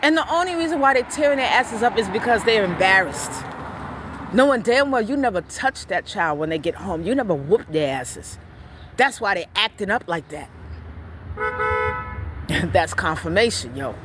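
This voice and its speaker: A woman's voice: mid-range voice, normal speed, noisy background. Blunt, profane woman ranting outdoors. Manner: blunt, profane, animated storytelling. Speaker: mother giving parenting opinions. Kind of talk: casual vlog rant.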